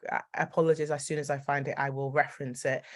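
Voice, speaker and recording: A woman hosting a podcast, asking questions and affirming her guest warmly. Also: sits low, flat delivery, fast. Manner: encouraging, affirming interviewer. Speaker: podcast host. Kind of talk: conversational interview.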